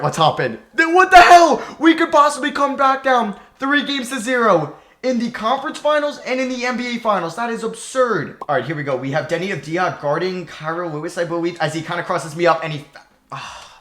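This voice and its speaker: A young man giving excited commentary as he plays a basketball video game, sliding from anxious muttering to shouted cheers. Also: mid-range voice, echoey room. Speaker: gaming YouTuber.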